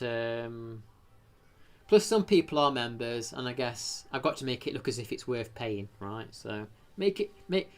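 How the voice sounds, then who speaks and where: On a live stream, a British man speaks in a mid-range voice, chatting casually and rambling. Sudden excited exclamations pop up as he thanks viewers from the chat.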